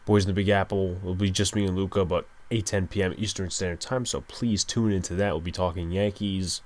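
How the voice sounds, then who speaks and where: A man's voice: fairly even intonation, fairly quick. Young male podcast host, keeping his voice down, weary and let down. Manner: speaking low and hushed, late at night; resigned, frustrated fan rant. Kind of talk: solo sports podcast monologue.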